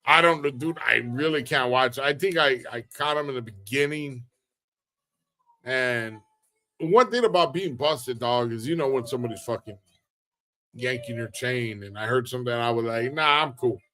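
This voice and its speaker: A relaxed man runs a casual livestream, answering chat in a laid-back drawl packed with street slang. His voice sits at an ordinary middle pitch and stays easygoing throughout. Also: moderate pace. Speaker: livestream host reading chat.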